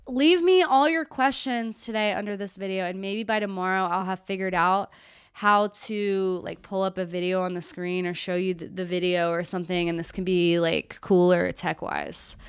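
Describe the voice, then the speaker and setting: A young woman and therapist chatting candidly on her live Q&A stream, with animated asides. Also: medium pitch, clean tone, no room sound, studio quality.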